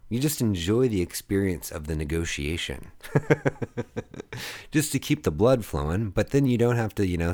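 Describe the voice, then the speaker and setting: A man in his thirties telling a long story in a casual monologue. He rambles, swears freely and laughs at his own jokes. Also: fairly low pitch. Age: 30s. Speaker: podcast host.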